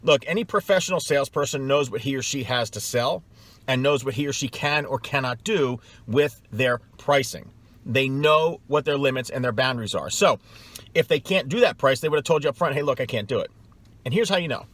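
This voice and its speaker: A brisk middle-aged man with a mid-range, fairly bright voice and no room sound coaches salespeople in a blunt advice vlog. He mocks and emphasizes in equal measure, repeating points for effect.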